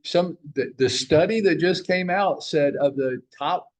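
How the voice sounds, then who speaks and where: A man's voice: fairly high pitch, measured pace. A man leading a team training huddle, joking and teasing as he fires questions at the room. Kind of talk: live training talk to a room.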